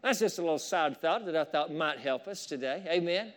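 High-voiced fervent male preacher. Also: lively intonation, fairly quick. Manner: fervent preaching with rising shouts of praise and asides to the congregation. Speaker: pastor. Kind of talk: sermon.

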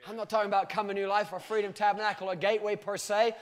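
High-voiced preacher man, rising to cries. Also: flat delivery. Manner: rises to loud, drawn-out cries, then drops low. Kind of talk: sermon.

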